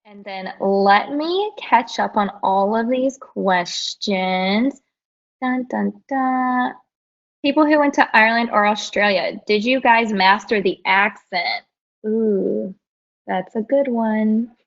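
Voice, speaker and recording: A woman's voice: mid-range voice, slow pace, dull audio. A young woman moderating a live question session over a video call, upbeat and reading out questions. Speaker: event moderator.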